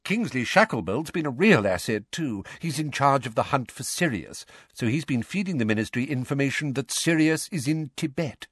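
A man's voice: mid-range voice, lively intonation, normal speed, hardly any pauses, a bit bright, breathy edge, no room sound, studio quality, pitched above the performer's own voice. A man voicing a fatherly middle-aged wizard who explains with wry patience in a slightly raised voice.

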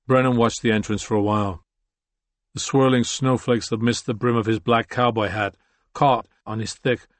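A man reads a novel aloud as an audiobook, keeping to a measured, even storytelling style. His voice is mid-range, and the recording carries no room sound. It is scripted narration.

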